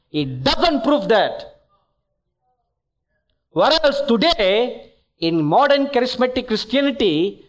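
A male preacher giving an emphatic, deliberate sermon in a church, building to exhortations. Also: very high-pitched.

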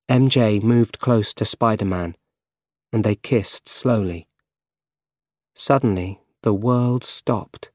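A man reading a simple storybook aloud in slow, clear, carefully paced narration. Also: lowish voice, a little mellow, no room sound, clean studio sound. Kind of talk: scripted narration of a graded reader story.

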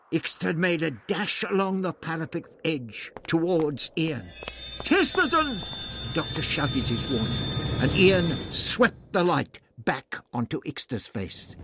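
A man narrating an adventure story as an audiobook, reading in an expressive, dramatic way. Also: on the high side, unhurried, background noise.

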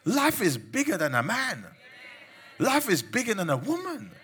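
High, bright, husky-voiced preacher. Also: male voice, wildly swooping pitch, moderate pace, slight background noise. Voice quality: emphatic, exhorting, mimics people he mocks. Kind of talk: sermon.

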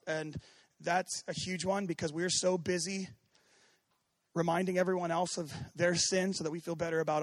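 A man preaching a sermon as pastor, animated, swinging from shouting to hushed tones and acting out quoted voices. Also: on the high side, no echo.

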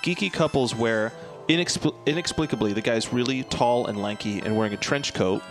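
A man's voice: medium pitch, moderate pace. Dry-joking man over background music. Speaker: podcast co-host. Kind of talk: casual comedic banter.

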